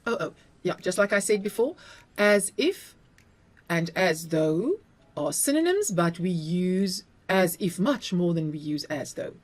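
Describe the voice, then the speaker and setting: Slow, emphatic South African woman teacher. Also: on the low side, very animated. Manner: patient, emphatic, spells out letters, stretches key words. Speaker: English teacher. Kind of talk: explaining spelling to learners.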